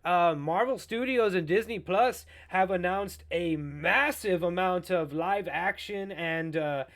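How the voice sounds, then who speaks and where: A young man with a fairly high voice hosts a casual solo pop culture podcast. He rants with heavy swearing, and his tone is sarcastic and mocking. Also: slow, fairly bright tone. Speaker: podcast host.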